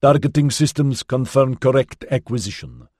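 Narrator doing an emotionless male ship officer for a sci-fi audiobook, clipped military reports, dry and a touch higher than his own voice. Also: normal speed, dry recording, lightly acted. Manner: flat, clipped, without emphasis.

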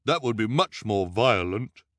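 A man voicing a quick-thinking teenage girl coaxing a crowd in an audiobook. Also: lowish voice, expressive, fairly bright tone, no room sound, studio quality. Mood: scheming.

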